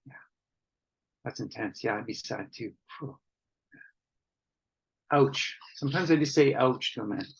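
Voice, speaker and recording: A man's voice: lowish voice, highs cut off. A man facilitating an online workshop, reading out participants' comments and reflecting on them in an earnest, conversational way, with frequent restarts.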